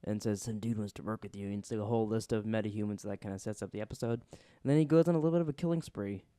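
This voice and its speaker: A man's voice: lowish voice, dark tone, smooth, no echo, studio quality. A man co-hosting a casual podcast, recapping a TV episode in a chatty way and acting out quotes. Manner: quick, chatty, many restarts, acts out quotes. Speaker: podcast co-host.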